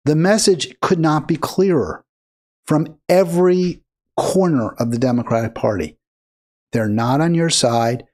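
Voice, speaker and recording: A man's voice: on the high side, a little mellow. An indignant male political commentator talks back at clips he plays. He speaks emphatically and keeps pushing his voice up into heated bursts.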